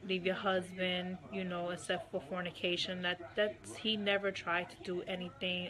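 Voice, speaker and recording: A woman's voice: fairly low pitch, fairly bright tone. Woman telling a candid personal story. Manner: unhurried, with frequent "um" and "you know". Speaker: guest recounting her marriage.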